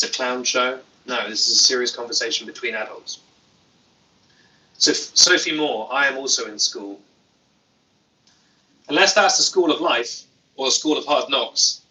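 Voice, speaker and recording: A young man hosts a relaxed livestream chat, bouncing between viewer comments and dry, playful jokes. His voice is sharp and bright, and he sits a little back from the mic. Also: mid-range voice, distant mic, slight background noise, poor audio. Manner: playful, deadpan jokey asides. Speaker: livestream host.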